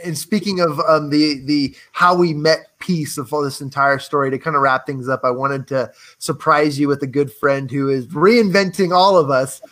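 A man's voice: fairly high pitch, fairly even intonation, moderate pace, hardly any pauses, fairly bright tone. A man hosting an interview over a video call, upbeat and enthusiastic. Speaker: podcast host. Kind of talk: casual interview chat.

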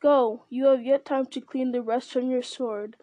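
Commanding aging king, read by a woman, slightly high voice, dry close sound. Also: steady tone, a little slow, dark tone, no echo. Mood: stern. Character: stern aging male king.

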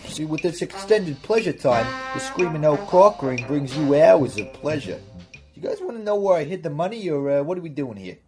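An actor playing a smug, wisecracking bank robber suspect who slips into a sly sales pitch, in a comedy sketch ad. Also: male voice, very animated, normal speed, music in the background.

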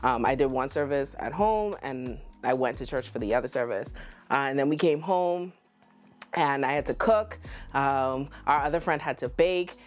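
A woman's voice: very deep voice, moderate pace, soft background music. A woman with a Bahamian accent hosting a casual podcast chat, teasing and playful with her friends. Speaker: podcast host.

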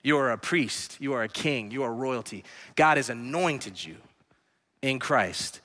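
A man pastor preaching a sermon in a church, earnestly swinging between hushed lines and emphatic ones. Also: medium pitch, a little slow. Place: church sanctuary. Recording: long hall reverb.

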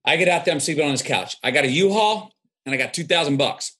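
A man's voice: on the high side, lively intonation, fast talker, bright, forceful tone, husky. A man telling stories in an interview, reflective and drawling, acting out the people he quotes. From Texas. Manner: drawling, reflective storyteller who acts out quoted voices. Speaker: guest. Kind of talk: storytelling interview.

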